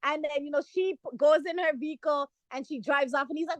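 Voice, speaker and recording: A woman's voice: sits high, brisk, few pauses, no echo, muffled recording. A young woman hosting a podcast, chatting casually and animatedly about a reality show, full of "like" and "you know" fillers. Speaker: podcast host.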